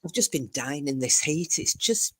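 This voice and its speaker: A woman's voice: low-pitched, animated, moderate pace, no echo. A woman chatting as a guest on a livestream, laughing and telling stories. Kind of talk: casual chat.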